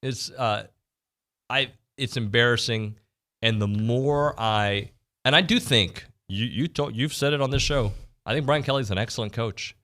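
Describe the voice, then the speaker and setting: A man with a sharp-toned, mid-range voice hosts a sports radio show at normal speed, chatting casually about college football. His talk is conversational, often trailing off and restarting sentences.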